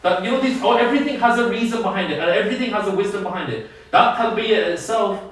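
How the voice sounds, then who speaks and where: A man's voice: high-pitched, fast. A man giving an earnest Friday sermon, often repeating words as he gathers his thoughts. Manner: earnest, repeats words while searching for them. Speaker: preacher giving a Friday talk. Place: prayer hall. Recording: very echoey room, mic far off.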